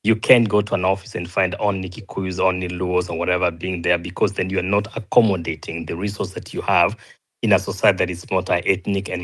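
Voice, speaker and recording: A man moderates a panel debate in a fairly low voice. He interjects politely and explains at length to clarify earlier points.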